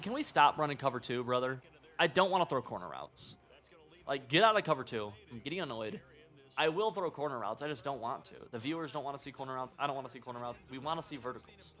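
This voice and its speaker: A young man streaming a football video game, chatting and reacting in casual gameplay commentary, swinging from muttering to yelling. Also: mid-range voice, fast. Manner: excitable, talks to himself and the opponent, jumps from mutters to yells.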